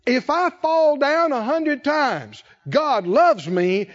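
High-voiced man preaching with fervor. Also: expressive, slow, hardly any pauses, dull audio. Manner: emphatic preaching, repeating key phrases with rising intensity. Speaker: pastor. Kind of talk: sermon.

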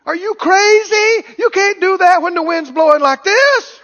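A man voicing a frantic, nagging male devil who taunts and shouts, heard with a dull tone and a long hall echo. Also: extremely high pitch, animated, measured pace, pitched above the performer's own voice, exaggerated voice. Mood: frantic taunting. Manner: shouting, repeating "no, no".

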